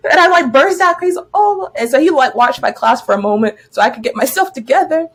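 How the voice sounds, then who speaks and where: A woman's voice: high-pitched, expressive, quick pace. A young woman co-hosting a podcast, telling stories in a casual, chatty way and laughing often. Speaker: podcast co-host. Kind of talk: casual chat.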